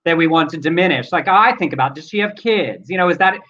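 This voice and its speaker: An earnest male co-host reads news items and reflects on them thoughtfully. His voice is bright and a touch high, heard through slightly muffled, lo-fi audio. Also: fast. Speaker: talk show co-host. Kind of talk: casual news chat.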